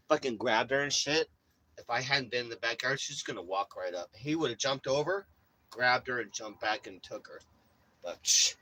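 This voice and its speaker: A man's voice: mid-range voice, bright, forceful tone, rough recording. Profane rambling man telling a story. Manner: profane, rambling, says bro a lot. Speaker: vlogger. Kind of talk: casual storytelling.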